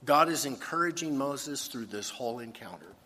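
A man with a husky, slightly breathy voice delivers a sermon as a pastor. He swings from hushed, intimate lines to emphatic ones. His voice trails off into the long reverb of a big hall. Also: medium pitch, lively intonation, moderate pace. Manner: earnest, shifts between hushed and emphatic.

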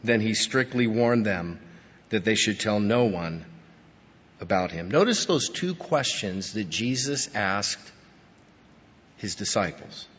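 A man preaching a sermon in a church, his husky voice carrying a long hall reverb. He is emphatic, pushing up to stress points and sinking low after them. The recording sounds dull and lo-fi. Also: animated, slow, fairly bright tone. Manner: emphatic, rising to stress key points then dropping low. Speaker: pastor.

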